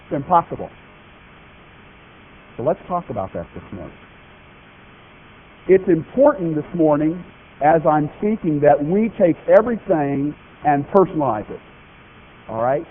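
Man, preacher, sermon, emphatic, questions to the congregation, somewhat high voice, tinny phone-like audio. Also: sing-song, measured pace, pauses often. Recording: tinny phone-like broadcast audio with faint noise.

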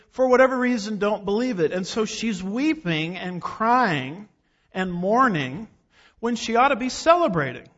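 Preacher guy, high voice, punchy rhetorical questions, echoey church sound kinda muffled. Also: a bit bright. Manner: emphatic, rhetorical questions, folksy asides. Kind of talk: sermon. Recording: dull sound with long hall reverb.

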